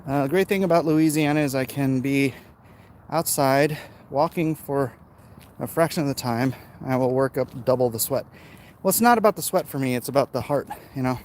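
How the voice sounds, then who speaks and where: A man's voice: medium pitch, moderate pace, a little mellow. A man hosting a casual livestream while walking outdoors, reading viewer comments aloud and chatting back, winded from the uphill climb. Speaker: livestream host. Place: outdoors on a city street. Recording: outdoor street noise behind.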